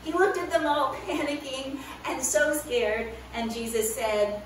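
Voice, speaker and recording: A woman church school teacher telling a Bible story to children in a playful, animated, dramatic way. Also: sits high, measured pace, a little hiss or hum. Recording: very echoey room, far from the mic.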